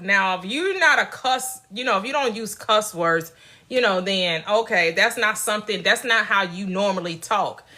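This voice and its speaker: A middle-aged woman hosts a casual motivational talk on her channel, speaking emphatically and directly and laughing often between points. Her voice is medium-pitched with a sharp tone.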